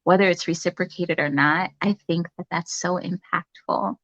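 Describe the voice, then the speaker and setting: A calm, reflective woman chats as a guest in an interview, her voice sitting a little low. She talks softly and unhurriedly, with plenty of fillers. The sound is dry and slightly dull. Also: normal speed, no room sound. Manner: calm, reflective, soft-spoken with many fillers. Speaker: nurse guest. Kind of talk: casual interview chat.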